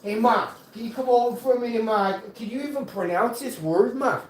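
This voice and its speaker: A man's voice: extremely high pitch, brisk, echoey room, recorded from a distance, slight background noise, pitched above the performer's own voice, poor audio. A man voicing a grown man who keeps calling his mother over and nagging her with questions. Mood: whiny. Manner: insistent, nagging repeats of "Mom".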